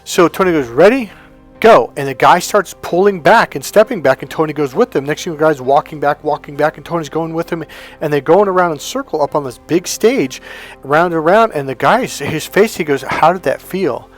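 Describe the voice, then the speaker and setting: A man's voice: fairly high pitch, fairly quick, faint music behind. A man coaching viewers in a casual monologue, acting out quoted dialogue as he tells stories. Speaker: life coach.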